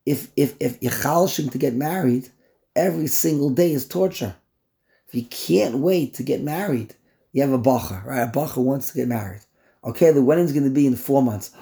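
A man leads a Torah class in a mellow, dark voice. He sprinkles Hebrew and Yiddish terms into his English, stammers over restarts, and breaks into incredulous outbursts. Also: fairly high pitch, moderate pace, vocal fry. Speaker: Torah teacher.

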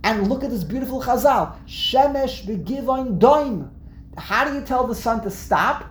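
A woman's voice: fairly high pitch, moderate pace. A woman teaching a religious text class, explaining with energy, often repeating words as she answers students in a classroom. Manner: animated explaining, frequent word repeats, answers student interjections. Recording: roomy echo, faint background noise.

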